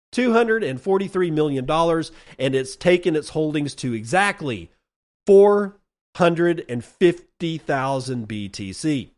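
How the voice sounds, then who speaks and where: Guy ranting on his own podcast, kinda high voice, sarcastic, drags words out for emphasis. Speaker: podcast host. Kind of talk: solo commentary podcast.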